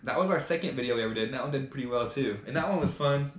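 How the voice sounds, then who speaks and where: A man co-hosting a casual podcast, telling a story in an animated way and laughing as he talks. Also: medium pitch, racing. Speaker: podcast co-host. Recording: echoey room with faint noise.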